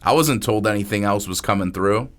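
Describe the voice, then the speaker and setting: A man's voice: lowish voice, a little fast, fairly bright tone, close to an everyday voice. A man voicing a wary, uneasy young man.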